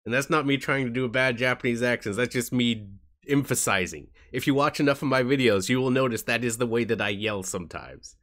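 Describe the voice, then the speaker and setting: A man's voice: medium pitch, brisk, a bit bright. A man chatting on his vlog in a joking, rambling and self-mocking way. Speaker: YouTuber. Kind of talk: casual vlog chat.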